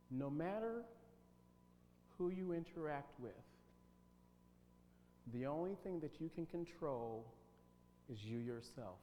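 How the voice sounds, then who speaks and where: A man running a workshop, emphatic and animated, firing questions at his audience. His voice sits a little high. It rings with a long reverb in a church hall, with a faint hum underneath. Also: takes it slowly, pauses often. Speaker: workshop leader. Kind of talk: interactive workshop talk.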